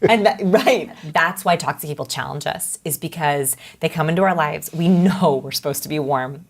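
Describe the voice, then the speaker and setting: Woman, fairly low pitch, animated, conversational, interview guest, middle-aged. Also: normal speed. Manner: animated, acts out quoted voices. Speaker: guest, body language expert.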